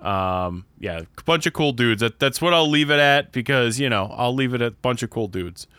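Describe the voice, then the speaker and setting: A man's voice: mid-range voice, animated, moderate pace, a bit bright, clear, resonant tone, no echo. A young man from Pennsylvania with a Pennsylvania accent, co-hosting a podcast in casual chat and rambling with many restarts. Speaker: podcast co-host.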